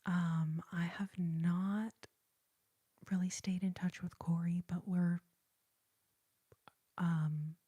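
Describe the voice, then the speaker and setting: A young woman hosts a live stream in an unhurried, half-whispered voice that drifts between soft speech and breath. Her tone is mellow and slightly low, with a breathy edge. She sits close to a sensitive mic in a dry, quiet space. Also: flat delivery, no room sound. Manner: half-whispered, gentle, laughs easily. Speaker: ASMR and singing live-stream host. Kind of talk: soft-spoken live-stream chat reading viewer comments. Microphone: sensitive studio microphone.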